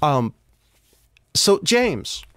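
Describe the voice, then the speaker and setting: A man's voice: a little high, sing-song, drawn-out words, fairly bright tone, dry recording. A man hosting a podcast, reading news headlines aloud with casual asides and stumbling over names.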